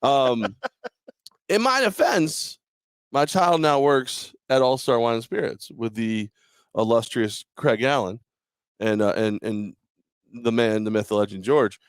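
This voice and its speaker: A man's voice: medium pitch, steady tone, measured pace, clean tone, dry recording, studio quality. A hungover man co-hosting a casual sports talk show, rambling and joking with frequent laughs. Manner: rambling, jokey, laughs often.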